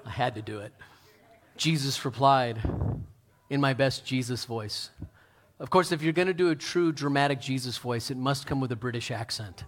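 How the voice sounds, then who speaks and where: A pastor preaching a sermon, talking straight to his congregation, swinging from loud fervent peaks to soft hushed lines. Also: medium pitch, normal speed, a little hiss or hum. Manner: talks straight to the congregation with questions.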